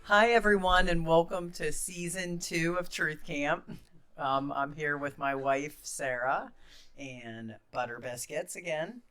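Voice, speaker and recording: A woman's voice: low-pitched, slow, a bit bright, soft background music. A woman hosting a podcast in casual chat, upbeat and laughing often. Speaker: podcast host.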